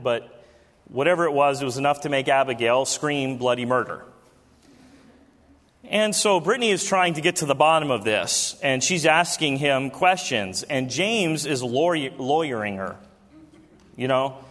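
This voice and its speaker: A man's voice: mid-range voice, expressive, normal speed, a bit bright. A man in his thirties preaching a sermon as a pastor, speaking conversationally and throwing rhetorical questions to his congregation in a church. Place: church sanctuary during a service. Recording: long reverb of a large hall.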